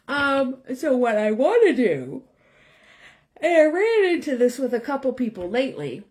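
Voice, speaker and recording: A woman's voice: a little high, a little hiss or hum. A woman tarot reader chatting casually to viewers, rambling and tagging her points with "right?". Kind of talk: casual live chat to viewers.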